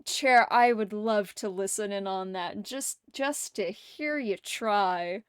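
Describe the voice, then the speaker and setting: A woman's voice: medium pitch, slow pace, clean tone, dry recording, studio quality. A woman hosting a livestream, chatting casually and reading viewer messages aloud, laughing often between lines. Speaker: livestream host.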